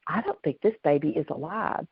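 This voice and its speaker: A woman's voice: low voice, fairly quick, husky, no echo, heavily acted. A woman voicing a bewildered elderly mother with dementia on a dull, dry recording. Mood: worried. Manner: plaintive, bewildered.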